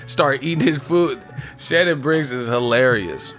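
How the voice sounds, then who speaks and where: Profane joking boxing-stream host. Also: male voice, mid-range voice, measured pace, fairly bright tone, soft background music. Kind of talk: casual livestream chat.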